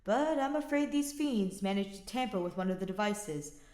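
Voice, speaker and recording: A dry, unhurried young scholar, as a woman reader puts him on in a story recording. He explains things calmly and without fuss. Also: mid-range voice, roomy sound, close to an everyday voice.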